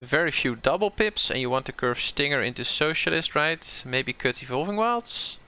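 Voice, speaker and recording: A man's voice: a little high, expressive, moderate pace, sharp tone, smooth. A man from the southern Netherlands with a Dutch accent, thinking aloud as he plays and streams a card game, often repeating words as he corrects himself.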